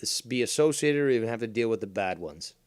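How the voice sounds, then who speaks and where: A man's voice: medium pitch, lively intonation, quick pace, clear, resonant tone. A man streaming, chatting bluntly and casually, with lots of swearing and fillers.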